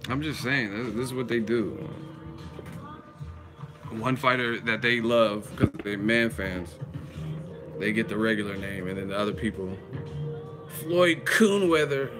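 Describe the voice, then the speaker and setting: A grown man streaming live, ranting bluntly and profanely about boxing, with mocking asides in a high sneering voice. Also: fairly even intonation, unhurried, long pauses, music in the background. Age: adult. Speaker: boxing commentary livestreamer. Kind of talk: casual livestream rant.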